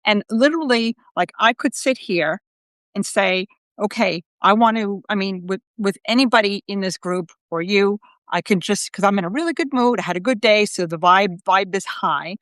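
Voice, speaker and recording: A middle-aged woman hosting a show as a psychic medium, chatting casually and telling lively stories in which she acts out the lines of the people in them. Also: medium pitch, moderate pace, no echo. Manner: lively storyteller, acts out quotes with laughter. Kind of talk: casual conversational chat.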